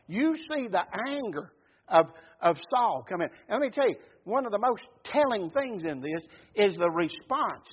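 Husky preacher, high voice. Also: male voice. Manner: folksy, emphatic, calls out "Amen?". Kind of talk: sermon. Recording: tinny phone-like sound.

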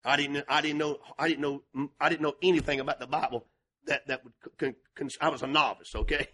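An older male pastor preaching with passion, swinging between shouted and hushed delivery. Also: a little high, fairly even intonation, brisk, husky. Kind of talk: sermon.

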